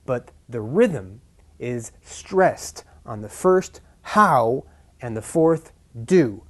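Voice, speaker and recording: A man teaching English pronunciation in a scripted lesson, speaking deliberately and stressing key syllables. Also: mid-range voice, lively intonation, darkish tone.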